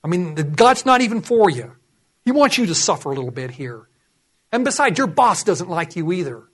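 A man's voice: sits high, very animated, moderate pace, fairly bright tone, breathy edge, heavily acted. A man voicing a sly male devil who mocks and needles as he talks. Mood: taunting. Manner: mocking, needling.

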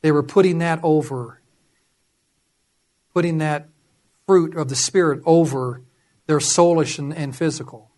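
A man preaching a sermon as pastor, animated and acting out voices as he goes. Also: on the high side, measured pace, long pauses.

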